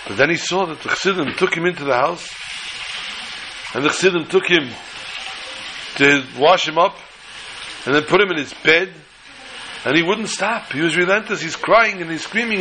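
A man telling religious stories in an animated, dramatic way, repeating phrases for effect. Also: on the high side, normal speed, long pauses, a little hiss or hum, low-quality recording. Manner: animated, dramatic storytelling with repetition. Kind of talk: storytelling lesson.

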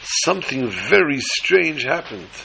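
A man's voice: medium pitch, sing-song, measured pace, creaky, bright, forceful tone, slight background noise, rough recording. Man telling a religious tale. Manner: dramatic, paced storytelling. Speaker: religious storyteller. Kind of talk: spoken religious storytelling.

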